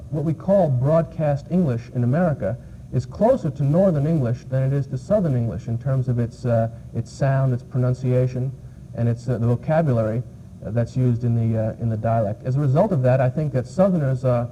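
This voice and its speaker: Hesitant, mellow-voiced New Yorker. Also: male voice, mid-range voice, moderate pace. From New York. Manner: hesitant, many fillers. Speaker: English teacher, guest. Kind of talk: interview answers. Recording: muffled archival TV audio, faint hiss.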